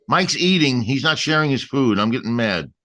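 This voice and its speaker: Lively bright man heckling his co-hosts. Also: medium pitch, normal speed. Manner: teasing, heckling interjections. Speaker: podcast co-host. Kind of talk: casual banter.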